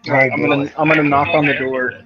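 A man's voice: a little high, flat delivery, fast talker. A man playing a tabletop game, talking briefly and offhand. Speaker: player. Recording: dull lo-fi recording, faint music.

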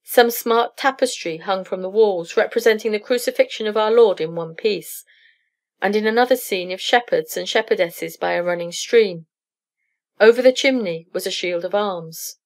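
A woman reads a classic short story aloud in a steady, clear narration meant for English learners. Her pitch sits in an ordinary middle range. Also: normal speed.

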